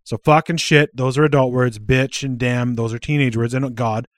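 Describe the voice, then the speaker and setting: A man's voice: mid-range voice, steady tone, normal speed, no room sound, studio quality. A man co-hosting a podcast in casual chat, laughing often and handing out advice. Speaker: podcast co-host.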